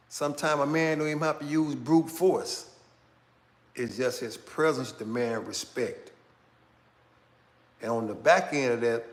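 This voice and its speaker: A middle-aged man hosting his channel, talking in a slow, casual street style and tagging phrases with "man" and "right?". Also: medium pitch, fairly bright tone. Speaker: channel host. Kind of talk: casual commentary monologue.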